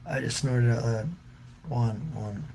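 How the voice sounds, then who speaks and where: A man's voice: mid-range voice, takes it slowly, gravelly, warm tone, a little hiss or hum. A man hosting a casual livestream, reading out viewers' comments and answering in a loose, joking, slangy way with frequent laughs. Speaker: livestream host reading chat.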